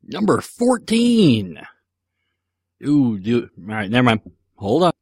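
A man's voice: medium pitch, expressive, normal speed, background noise. Rambling, jokey man hosting a podcast. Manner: rambling, jokey, lots of fillers. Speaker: podcast host. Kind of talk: casual podcast Q&A.

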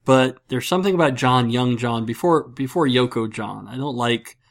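A man's voice: medium pitch, moderate pace. A man hosting a casual podcast, rambling and self-mocking, with lots of fillers. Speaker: podcast host.

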